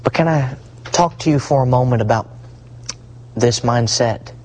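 A man preaching a sermon, swinging between hushed asides and rising, emphatic repetition. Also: mid-range voice, moderate pace, rough recording.

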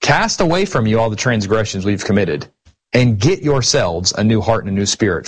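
A man's voice: on the low side, animated, fairly quick, husky. A man hosting a casual discussion of scripture, retelling past exchanges in a conversational way. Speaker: podcast host.

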